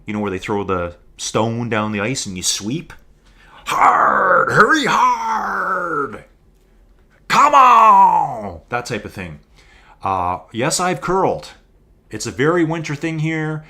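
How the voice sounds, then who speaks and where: A man with an Albertan Canadian accent, commentating a live-streamed race in a loose, rambling way full of joking asides. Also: mid-range voice.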